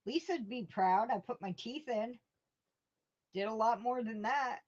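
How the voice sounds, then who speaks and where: A woman's voice: a little high, measured pace, darkish tone. A woman hosting a casual live stream from home, rambling through stories and answering her chat with chuckles. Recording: dull lo-fi stream audio.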